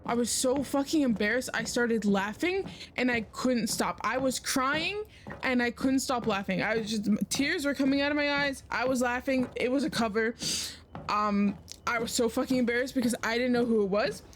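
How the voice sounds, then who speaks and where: A woman's voice: fairly high pitch, normal speed, slight background noise. A young woman streaming a game, chatting casually and telling a story full of swearing. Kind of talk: casual gameplay chat and storytelling.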